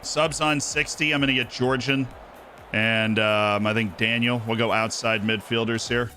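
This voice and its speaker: A young man streaming himself playing a football management game, muttering asides and then shouting with delight when his team scores. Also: fairly low pitch. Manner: excitable, swings from mumbled asides to shouting at goals. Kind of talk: live gameplay commentary.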